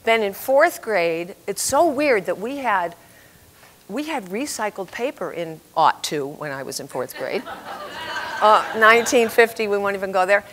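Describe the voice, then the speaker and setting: A woman in her seventies giving a storytelling talk about writing, lively and laughing at her own stories as she acts out the people in them. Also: medium pitch, measured pace, a little hiss or hum. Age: 70s.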